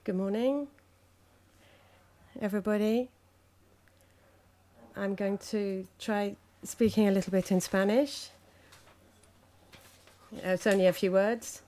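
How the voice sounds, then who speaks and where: A woman interpreting speeches live at a conference, halting often with fillers between phrases. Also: mid-range voice, a little mellow.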